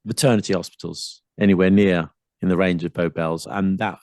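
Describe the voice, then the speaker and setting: A man's voice: low-pitched, steady tone, a little fast, darkish tone, no echo. A man, explaining things in a casual, opinionated and digressive podcast chat. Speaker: podcast guest co-host.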